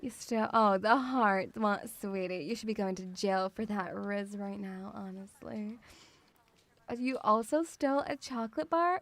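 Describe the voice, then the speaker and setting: A woman's voice: fairly high pitch, fairly even intonation, measured pace. A young British woman streaming live as a playful, mock-stern teacher who teases her audience. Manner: teasing, mock-stern, calls the audience "sweetie".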